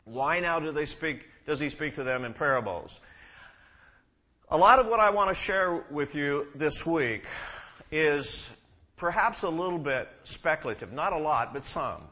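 A man preaching a sermon to a congregation, often asking them questions and shifting between loud emphasis and quiet asides. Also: on the high side, lively intonation, unhurried, lo-fi sound. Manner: asks the congregation questions, rises and drops in volume.

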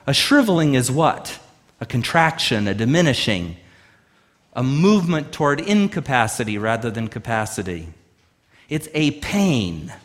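A man's voice: medium pitch, sing-song. Man preaching an emphatic sermon. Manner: emphatic preaching with rhetorical questions and slow, drawn-out phrases. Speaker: pastor.

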